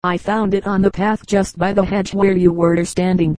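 A woman's voice: medium pitch, little pitch movement, moderate pace, a little mellow, no room sound, lightly acted. A woman voicing a scruffy, proud runaway boy who speaks earnestly and a little defensively, in an audiobook reading.

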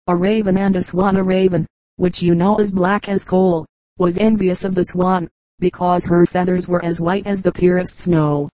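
A woman reading fables aloud as an audiobook narrator, in a calm, measured way. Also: lowish voice, dry recording, rough recording. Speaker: audiobook reader. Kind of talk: storybook narration.

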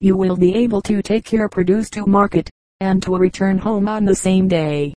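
A woman's voice: medium pitch, steady tone, moderate pace, warm tone, no echo, natural voice, low-quality recording. A woman reading the lines of a railroad engineer patiently explaining in a storybook.

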